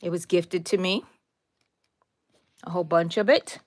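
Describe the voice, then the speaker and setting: A woman's voice: lowish voice, steady tone, measured pace, dry recording. Woman, middle-aged, live crochet tutorial host, casual rambling chat, side stories, greets viewers by name, dry close mic. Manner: rambling, chatty storyteller who drifts into side stories.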